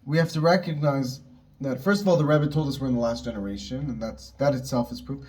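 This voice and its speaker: A man giving an earnest, excitable Torah lesson, often restarting his phrases as he builds toward his point. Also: mid-range voice, fairly quick. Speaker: Torah teacher.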